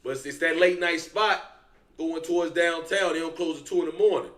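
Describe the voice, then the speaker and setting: A man's voice: on the high side, fairly quick, a bit bright. A young man giving loose, profane reaction commentary and talking straight to his viewers. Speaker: reaction streamer.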